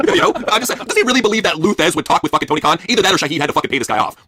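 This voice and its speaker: A man's voice: high-pitched, big pitch swings, very fast, bright, forceful tone, slight background noise. A man co-hosting a crude wrestling news podcast, mocking and profane. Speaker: podcast co-host.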